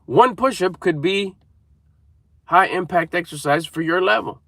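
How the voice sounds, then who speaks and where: A man's voice: high voice, a little slow, gravelly, fairly bright tone, no room sound, studio quality. A man giving an emphatic, repetitive motivational talk to camera, coaching viewers. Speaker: motivational speaker.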